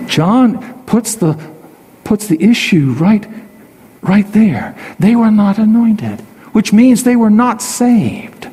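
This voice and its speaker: A man with a high voice preaches a sermon with strong emphasis, stressing and repeating his key phrases. His voice climbs high and sinks low as he drives each point home. A long reverb trails behind his words, as in a large hall. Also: expressive, slow, dark tone, breathy edge. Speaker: pastor.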